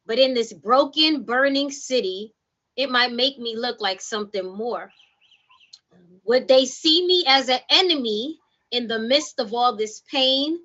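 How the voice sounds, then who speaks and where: A woman in her forties reading spoken word poetry on a livestream, soft-spoken and measured. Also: fairly high pitch. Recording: dull lo-fi livestream audio.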